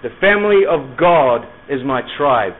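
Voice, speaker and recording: A man's voice: mid-range voice, lively intonation, unhurried. A middle-aged man sharing a personal Christian testimony in an earnest, emphatic storytelling manner. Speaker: Christian speaker. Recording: tinny phone-like recording.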